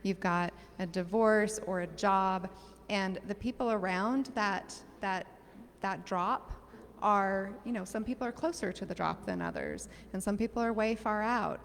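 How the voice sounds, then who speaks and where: A woman's voice: mid-range voice, animated, measured pace, in a large hall. A woman on a discussion panel who explains her ideas thoughtfully, building on images and comparisons.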